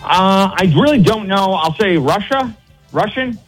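A man's voice: high-pitched, animated, unhurried, soft background music, low-quality recording. A man calling in to a radio game, giving hesitant, offhand guesses. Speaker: caller playing the game. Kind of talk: casual call-in answers.

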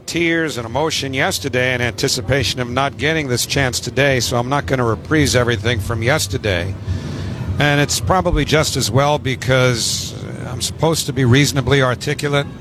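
A man's voice: medium pitch, moderate pace, background noise. A man who is a baseball radio broadcaster giving an emotional on-air farewell speech, articulate but close to tears. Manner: warm, articulate, choking up.

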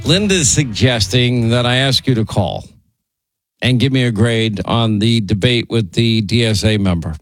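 This is a talk radio host with a New York accent, ribbing his co-worker in quick, self-mocking banter. His voice is captured dry and close, with no room sound around it. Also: medium pitch, no echo, faint music behind. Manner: teasing, rapid, self-deprecating. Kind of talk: bantering on-air chat.

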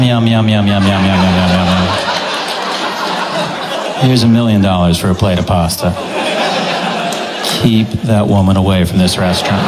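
A man performing a stand-up set on stage with a dry, understated delivery. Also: fairly low pitch. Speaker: stand-up comedian. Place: comedy stage before an audience. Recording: loud background noise.

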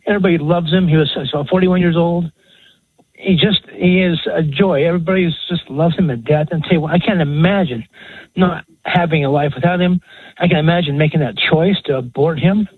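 An older man on a call-in radio show, his voice a little high and husky through a thin phone line. He speaks tenderly and haltingly, his voice full of emotion. The sound is dry and close. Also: dry recording. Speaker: caller.

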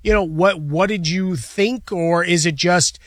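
A man co-hosting sports radio in relaxed, joking banter. His slightly higher voice is dry and close to the mic. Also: unhurried, no echo. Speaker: co-host. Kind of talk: casual sports radio chat.

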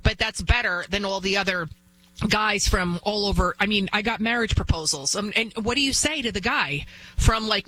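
A woman's voice: medium pitch, normal speed, pushed and bright, slight background noise, rough recording. A woman hosting a talk show, delivering an emphatic, blunt monologue that repeats its points and keeps asking "right?".

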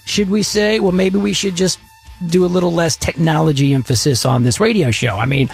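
A man's voice: on the high side, fairly quick, gravelly, husky, faint music behind. A man from Texas hosting a talk radio show, rambling and joking as he interrupts himself. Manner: rambling, jokey, self-interrupting. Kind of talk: casual talk radio monologue.

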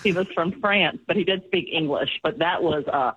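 High husky man telling a funny story. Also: moderate pace, dull audio. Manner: animated, laughing storyteller. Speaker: radio show co-host. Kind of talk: casual storytelling on morning radio.

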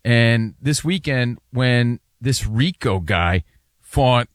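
A man's voice: mid-range voice, lively intonation, slow, no room sound, clean studio sound. A man co-hosting a sports talk show, arguing his opinions with emphatic repetition. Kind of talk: casual sports debate.

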